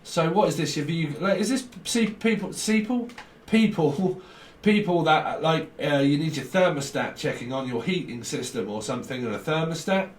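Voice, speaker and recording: A man's voice: on the high side, moderate pace, few pauses, recorded from a distance. Guy rambling thru a tarot reading, chuckles a lot, sounds a bit off mic in an echoey room. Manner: rambling, free-associating, chuckles often. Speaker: tarot reader. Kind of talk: casual tarot reading monologue. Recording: roomy sound, off-mic, faint background hiss.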